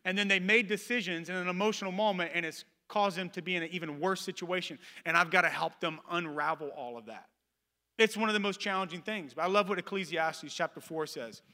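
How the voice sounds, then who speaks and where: A pastor in his thirties delivers a sermon in a church. His voice is high and bright, with a forceful edge. He swings between loud, emphatic calls and quiet, lowered asides. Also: fairly quick. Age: 30s.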